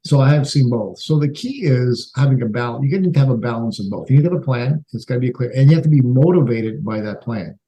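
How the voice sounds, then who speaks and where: Animated storytelling man with a mellow voice. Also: medium pitch, fast, hardly any pauses, poor audio. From Canada. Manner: animated storyteller who acts out quoted dialogue. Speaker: entrepreneur guest. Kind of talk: storytelling in a podcast interview.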